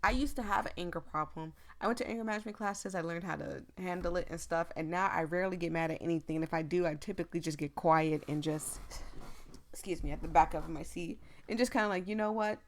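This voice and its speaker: Woman streamer reading a story game, chatty and expressive, talks fast when she gets into it. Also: lowish voice. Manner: expressive, chatty, with quick asides.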